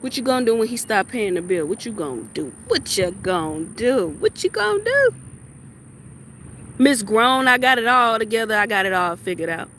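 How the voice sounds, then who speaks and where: A woman's voice: medium pitch, lively intonation, fairly quick, hardly any pauses, fairly bright tone. A woman in a heated, scolding rant to camera, repeating her points for emphasis. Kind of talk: ranting monologue to camera. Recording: faint street noise outdoors.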